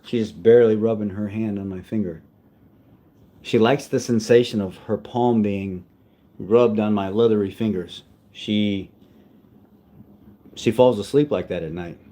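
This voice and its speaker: A man hosting a casual livestream, chatting gently and unhurriedly as a father while he tends his baby. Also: lowish voice, unhurried, pauses often.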